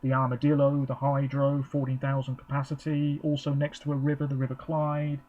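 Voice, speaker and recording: This man from England rambles chattily through a live reaction commentary as a vlogger, dropping frequent ums. He speaks briskly in a mid-range voice that is completely flat in delivery and a little mellow. The recording is dull.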